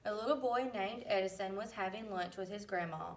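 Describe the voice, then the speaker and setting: A woman reading a picture book aloud to children, pausing to ask questions and putting on lively voices for the farm animals. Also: medium pitch, far from the mic. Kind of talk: read-aloud storybook with questions.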